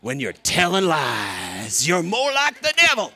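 A man putting on a solemn old Southern preacher with a thick Southern US accent. He draws each word out slowly, the way a preacher from the pulpit would. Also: a little high, huge pitch swings, sharp tone, slightly rough, voice pushed up, full character voice.

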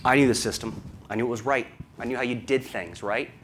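Speaking fairly quickly in a mid-range, fairly bright voice with fairly even intonation, a Southern pastor preaches in a conversational, storytelling style. He leans on rhetorical questions throughout, and there's a little hiss or hum in the audio.

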